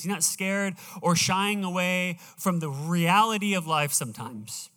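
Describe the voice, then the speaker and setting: A male pastor preaching a sermon, emphatic and slowing down as he reads scripture aloud in a church auditorium. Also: sits high, sharp tone, clean tone. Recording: reverberant hall, live church sound.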